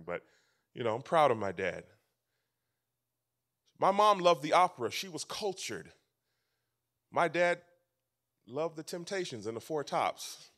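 A man preaching a sermon as pastor, telling stories with animation and swinging between loud and soft passages. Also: medium pitch.

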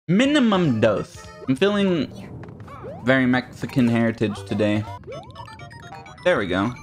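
A young man giving casual, self-mocking commentary while playing a platform game, yelping and swearing at his failures. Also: medium pitch. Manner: sarcastic, self-mocking, yelps at fails. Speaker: gaming streamer.

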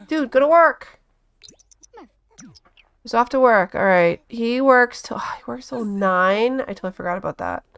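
Gravelly-voiced woman narrating her gameplay. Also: on the high side, expressive, measured pace, pauses often, fairly bright tone. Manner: chatty, bossing game characters around with exclamations. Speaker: gaming channel host. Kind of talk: casual let's-play commentary.

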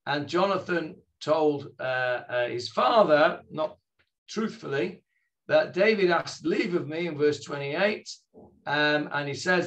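A man's voice: on the high side, lively intonation, takes it slowly, fairly bright tone, highs cut off. A man leading an online Sunday morning scripture class over a video call, talking in a friendly, hesitant way with many fillers and restarts. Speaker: Bible teacher leading a class.

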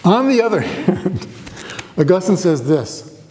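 A man delivers a university lecture with a somewhat high, mellow voice, speaking conversationally and turning to the audience with questions. His voice carries the long reverb of a lecture hall. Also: big pitch swings, measured pace, a little hiss or hum. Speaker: guest lecturer, theology professor.

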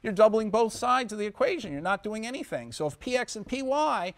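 Animated high-voiced male lecturer. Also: fairly quick. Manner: conversational, many restarts and asides, animated storytelling. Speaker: university lecturer. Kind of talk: classroom lecture with anecdote. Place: lecture hall.

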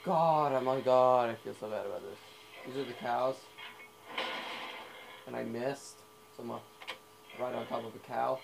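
A young man rambles through his gameplay commentary in a gravelly, creaky voice, stacking up fillers as he goes. The recording is noisy, with a steady hiss beneath his talk. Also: medium pitch, moderate pace, pauses often. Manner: rambling, filler-heavy, easily sidetracked. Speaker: gamer.

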